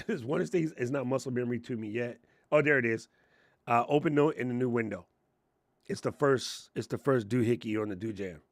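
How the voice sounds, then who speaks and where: Brisk and medium-pitched, this man's voice leads a casual livestream tutorial full of tech tips. He rants with sarcasm and jokes, slipping into mocking impressions, before settling into relaxed muttering as he uses his computer. A lapel mic on his chest captures studio-quality audio without any room sound.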